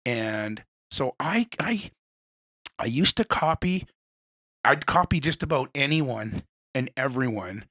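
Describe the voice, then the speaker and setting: A man hosting a casual interview, telling rambling animated stories. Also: mid-range voice, takes it slowly, no room sound. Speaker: podcast host.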